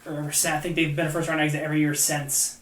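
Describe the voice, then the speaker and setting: A man co-hosting a casual hockey podcast, talking animatedly and breaking into laughter and loud gruff impressions. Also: a little high, flat delivery, rapid-fire, reverberant. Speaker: podcast co-host.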